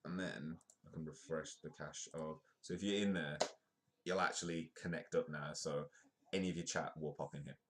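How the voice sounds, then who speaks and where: A man's voice: very deep voice, fairly even intonation, normal speed. A man hosting a casual livestream, rambling with jokey asides as he comments. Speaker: livestream host.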